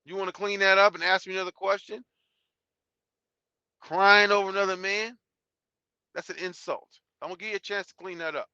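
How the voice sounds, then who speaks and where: Man, blunt and rambling, bright forceful voice, dull lo-fi dry sound. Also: high-pitched, fairly even intonation, racing, few pauses, no room sound. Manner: blunt, profane, rambling with restarts. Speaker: YouTube channel host. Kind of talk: live stream talk reading chat.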